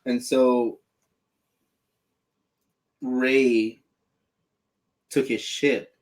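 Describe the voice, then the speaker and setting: A man's voice: mid-range voice, drawn-out words, rough recording. A man co-hosting a casual podcast, retelling a film with lots of swearing and acted-out quotes. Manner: profane, animated retelling with quoted voices. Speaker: podcast co-host.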